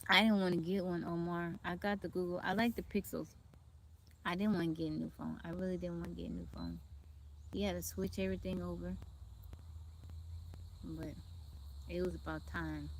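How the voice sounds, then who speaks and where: Streaming from the woods on her phone, a Texan host reads comments and calmly greets and thanks each viewer in turn. Her voice is fairly low and creaky, at a normal speed with frequent pauses, and faint insect and bird sounds come through from outside.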